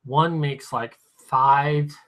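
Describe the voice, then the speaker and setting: A drunk man talking to his stream viewers with slurred, halting speech, sometimes very soft. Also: on the high side, steady tone. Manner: talks softly at times. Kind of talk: drunken livestream monologue.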